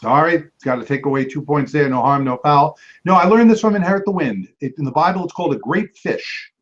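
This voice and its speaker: Animated male trivia quizmaster, lo-fi. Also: on the high side. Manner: repeats each clue slowly, with quick joking asides. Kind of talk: hosting a trivia match, reading clues. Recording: dull lo-fi recording.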